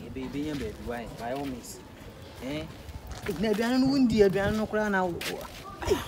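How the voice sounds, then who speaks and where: Ghanaian man, comic skit, loud and mixed-language delivery; noisy outdoor clip. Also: high-pitched, very animated, brisk. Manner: loud, switching between Twi and pidgin English. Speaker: comedian. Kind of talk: improvised comedy skit.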